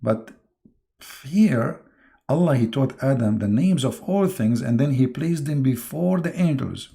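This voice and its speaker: Gravelly-voiced man with mocking commentary. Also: mid-range voice, lively intonation, warm tone. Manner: mocking, halting, with many fillers and sudden jumps into put-on voices. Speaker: online religious debater and host.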